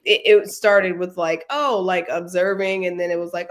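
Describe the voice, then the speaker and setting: A woman's voice: lowish voice, normal speed, hardly any pauses. A woman talking candidly as a podcast guest, rambling with many fillers. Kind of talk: casual chat.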